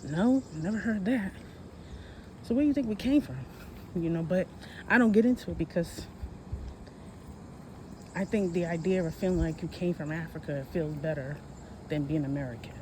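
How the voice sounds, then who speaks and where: Forties vlogger, loose walk-and-talk, rambles and self-corrects, noisy outdoor phone audio, mid-pitched. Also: moderate pace, long pauses, warm tone. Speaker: history vlogger. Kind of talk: casual walking vlog. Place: outdoors, walking on a hot day.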